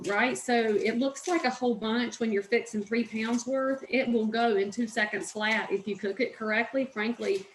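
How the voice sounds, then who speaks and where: Southern woman, cooking host, higher voice, folksy chat, roomy kitchen echo, faint hum. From American South. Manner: chatty, folksy and opinionated, says "y'all". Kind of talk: casual cooking demonstration. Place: home kitchen.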